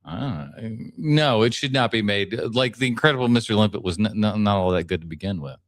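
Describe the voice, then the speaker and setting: A man hosting a live podcast stream, chatting casually and teasing, with lots of quick restarts. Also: lowish voice. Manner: animated and teasing, many restarts. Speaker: podcast host reacting to clips.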